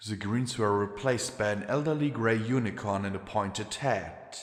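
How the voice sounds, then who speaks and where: A man narrating a fan fiction audiobook in a measured storytelling manner. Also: lowish voice. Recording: long reverb with faint music.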